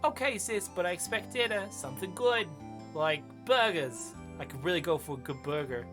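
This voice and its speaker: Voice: lively intonation, moderate pace, natural voice. A streamer voicing a bubbly, teasing teenage girl in an exaggerated Brooklyn accent, reading game dialogue aloud. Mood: playful. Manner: high and playful, teasing, stretched words. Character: bubbly teenage girl spirit medium, cheeky younger sister. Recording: game music underneath.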